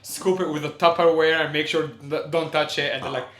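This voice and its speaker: A man's voice: a little high, steady tone, fairly quick, fairly bright tone, echoey room. A man, a comedian guest, telling a story in a blunt, teasing way.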